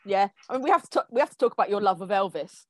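A woman's voice: mid-range voice, animated, racing, dry recording. A woman interviewing a guest casually, asking encouraging questions.

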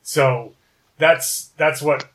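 A man's voice: a little high, fairly even intonation, drawn-out words, a bit bright. A man co-hosting a casual sports podcast, running through stats and correcting himself as he goes. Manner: reads off stats, self-correcting. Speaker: podcast co-host.

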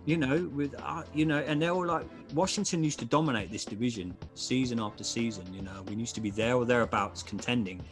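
A man's voice: medium pitch, brisk, hardly any pauses, faint music behind. A man chatting enthusiastically as a guest on a podcast, often restarting his sentences. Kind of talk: casual podcast chat.

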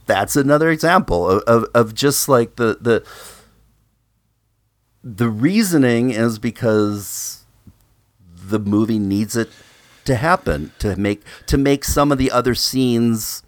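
A man's voice: medium pitch, animated, slow pace, no echo, clean studio sound. A man chatting casually about a film, agreeing and trailing off as he talks.

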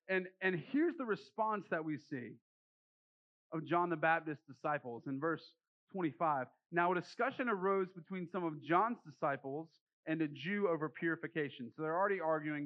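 A young man preaching a sermon as pastor, conversational and joking, slipping into quoted voices as he retells a scripture scene. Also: sits high. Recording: muffled lo-fi sound.

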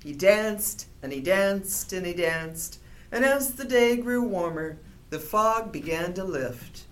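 Slow, expressive woman reading a storybook. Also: medium pitch. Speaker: storybook reader. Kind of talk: children's storybook read-aloud.

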